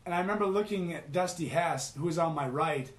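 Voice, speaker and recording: A man's voice: on the high side, brisk, reverberant. A young man on a podcast telling a sledding story, often laughing as he goes. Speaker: podcast co-host. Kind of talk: casual storytelling.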